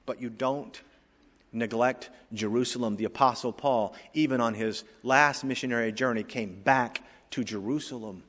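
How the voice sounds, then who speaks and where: Pastor guy preaching, bright forceful voice, big echoey church sound. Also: medium pitch, normal speed. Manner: emphatic preaching, rising and falling loudness. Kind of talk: sermon. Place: church sanctuary. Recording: long hall reverb.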